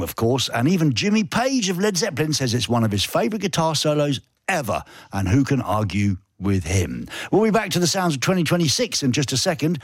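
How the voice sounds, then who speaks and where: Husky, lively radio host guy. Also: mid-range voice, no echo, clean studio sound. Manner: chatty, jokey, self-mocking. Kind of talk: casual radio banter and DJ links.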